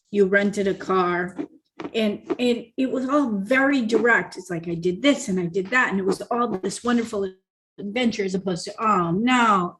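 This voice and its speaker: Chatty woman co-hosting a coaching show. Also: medium pitch. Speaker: co-host. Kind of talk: casual coaching talk show. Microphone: video call.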